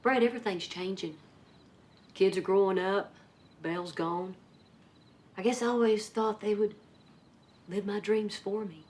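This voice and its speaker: A woman's voice: mid-range voice, steady tone, measured pace, long pauses, lightly acted. An actress playing a middle-aged wife and mother who dreams of going to college, speaking with a twangy accent. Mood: wistful. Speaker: film character in clips. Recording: film audio with soft music.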